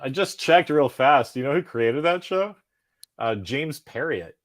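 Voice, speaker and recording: A man's voice: mid-range voice, lively intonation, a little slow, dry recording, clean studio sound. A man in his forties co-hosting a podcast, chatting casually in a rambling, self-deprecating way and laughing often. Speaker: podcast co-host. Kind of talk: casual chat.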